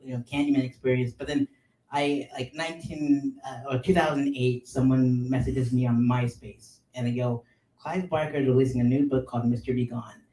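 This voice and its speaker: Podcast man, thirties, rambling storyteller with a mellow tone, mic a bit far off in an echoey room. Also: medium pitch, normal speed. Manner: animated, filler-heavy with many likes and ums. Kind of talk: casual storytelling. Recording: roomy sound, mic at a distance.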